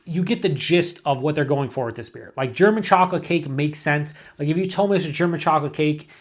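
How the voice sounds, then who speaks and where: A man reviews a beer casually, thinking aloud, circling back and restarting his sentences. He speaks briskly, his voice sitting a little above typical male pitch.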